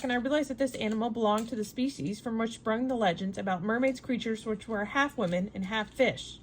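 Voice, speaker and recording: A woman reading a novel aloud in steady narration, with small slips and restarts. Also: a little high, a little fast, hardly any pauses, low-quality recording. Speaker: reader.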